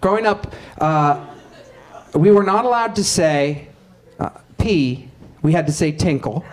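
Animated high-voiced male comedian. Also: a little slow, a little hiss or hum. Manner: animated, laughing while telling stories. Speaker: comedian guest. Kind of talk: comic storytelling.

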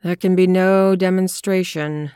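A woman's voice: on the low side, steady tone, warm tone, clean tone, dry recording, studio quality, natural voice. A woman doing a sinister, sonorous male stage hypnotist. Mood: commanding. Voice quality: sonorous, slow, purring. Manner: measured and commanding, mocking.

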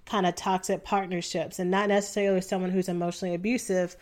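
A young adult woman hosting a solo podcast, talking casually and relaxed, with frequent ums. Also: fairly low pitch, quick pace. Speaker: podcast host.

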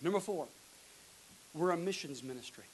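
A man preaching a sermon as pastor, folksy and energetic, with bursts of loud shouting. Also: a little high, normal speed, slight background noise, low-quality recording.

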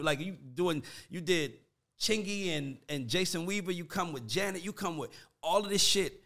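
A man in casual conversation, animated and profane, breaking into laughs as he talks. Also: a little high, fast.

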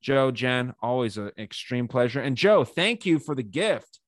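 A laid-back male podcast host from Upstate New York, wrapping up with plenty of thanks and filler words. His voice sits at an ordinary pitch. The sound is dry and close. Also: expressive, measured pace, no room sound. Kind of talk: casual podcast sign-off.

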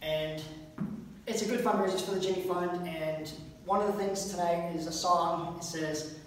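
A man doing a rambling stand-up comedy set at a fundraiser, breaking into high squeaky impressions and little sung bits. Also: fairly even intonation, moderate pace, a little hiss or hum. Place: event room at a fundraiser. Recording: roomy hall, mic far off.

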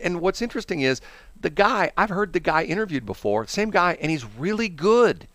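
Lively St. radio host, man. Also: high-pitched, normal speed, no echo. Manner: rambling, acts out quotes in put-on voices. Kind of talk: casual on-air banter. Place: radio studio.

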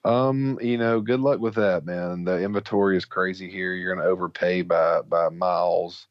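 A man's voice: low voice, fairly even intonation, no echo, muffled recording. A man, co-hosting a podcast in loose casual chat with many fillers and restarts. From Mississippi. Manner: halting, full of fillers and restarts. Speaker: podcast co-host.

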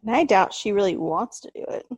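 Husky-voiced woman chatting casually. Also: mid-range voice, animated, brisk, a little mellow, no echo. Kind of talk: casual chat.

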